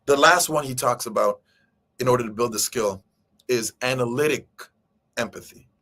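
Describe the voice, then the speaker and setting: A man with a bright, forceful voice hosts a relaxed morning talk. He explains ideas in plain, chatty terms and keeps checking in with his listeners. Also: mid-range voice, normal speed. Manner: conversational, explaining with filler words and "right?" checks. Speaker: host.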